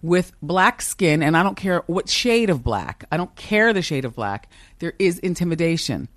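Speaking at normal speed in a fairly low, sing-song voice, a middle-aged woman laughs frequently while chatting as a podcast guest. She's a talk show host with a strong, confident delivery, and there is no echo in the studio.

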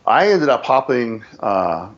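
A man's voice: mid-range voice, big pitch swings, slow pace, highs cut off. A man, a sales manager, telling a story in a casual, emphatic way and repeating phrases for effect.

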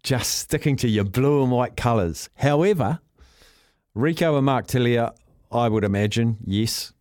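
A man's voice: medium pitch, expressive, measured pace, darkish tone, no echo, studio quality. A man with a New Zealand accent hosting casual sports talkback radio, laid-back and jokey as he reads out listener entries. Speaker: radio host. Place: radio studio.

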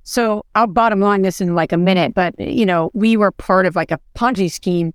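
A woman's voice: medium pitch, normal speed, clear, resonant tone, no echo, studio quality. Earnest woman podcast co-host. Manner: earnest, encouraging. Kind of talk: motivational podcast talk.

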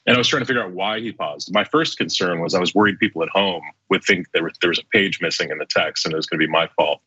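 A man, a former speechwriter, telling stories as an interview guest with fast, animated delivery and frequent restarts. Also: low-pitched, slightly rough, no echo, highs cut off.

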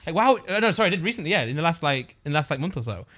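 Animated, laughing host. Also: male voice, a little high, very fast. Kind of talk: casual chat.

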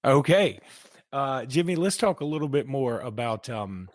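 A man's voice: medium pitch, expressive, normal speed, no room sound. Dry-voiced Southern man hosting a podcast. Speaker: podcast host. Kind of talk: casual sports chat.

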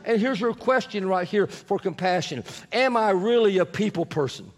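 A man preaching a sermon as pastor, animated and asking the congregation questions, sometimes rising to shouts. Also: high voice, measured pace. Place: church sanctuary. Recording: long church reverb.

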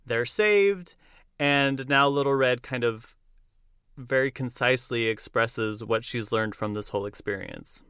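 A young man hosting a podcast, recapping a musical in casual chat, animated and quick to laugh. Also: medium pitch, clear, resonant tone, no room sound, studio quality. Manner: enthusiastic storyteller who acts out lines and laughs often. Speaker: podcast host.

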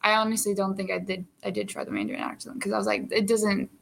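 A young woman talking easily as an interview guest, full of "like" and quick laughs. Her voice sits at an ordinary pitch, with a faint hiss of background noise behind it. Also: level tone, gravelly. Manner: chatty, filler-heavy, laughs often. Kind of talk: casual interview chat.

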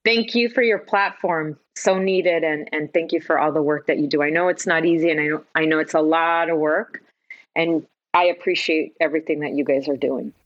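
A woman's voice: low-pitched, fairly even intonation, moderate pace, lo-fi sound. A woman guest on a podcast, a children's book publisher, speaking in a friendly way and repeating key points. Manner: friendly, grateful, repeats herself. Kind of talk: interview.

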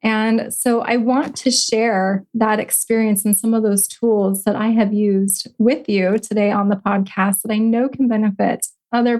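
A middle-aged woman speaking as a podcast guest, her voice sitting a little high. She talks in an earnest, heartfelt way, moving from personal story into gentle coaching advice.

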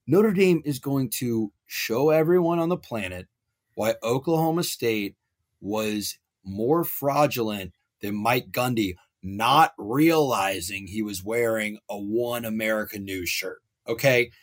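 A man co-hosting a casual sports betting chat, ranting in an animated, hyperbolic way. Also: fairly low pitch. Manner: animated, hyperbolic, rapid rants. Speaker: sports podcast co-host.

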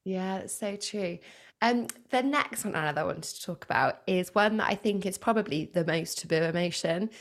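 A woman's voice: lowish voice, normal speed. A woman hosting a podcast in a casual, chatty way, affirming her guest's points. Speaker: podcast host. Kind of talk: casual chat.

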